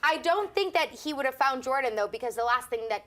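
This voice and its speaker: A woman co-hosting a TV recap show, talking in an excited, gossipy, emphatic way. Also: high voice, brisk. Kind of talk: casual recap chat.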